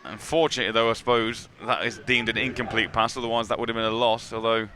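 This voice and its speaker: A man calling live American football play-by-play, brisk and excitable at big plays. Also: fairly low pitch, a crowd in the background. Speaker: play-by-play commentator. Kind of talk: live sports commentary.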